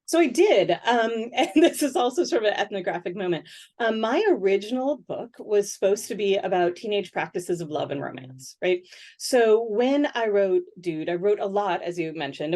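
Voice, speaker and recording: A middle-aged woman sociologist answering interview questions in a thoughtful, conversational way, often pausing with "um" and checking in with "right?". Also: lowish voice. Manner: thoughtful, many "um"s and "right?" tags, animated when quoting others.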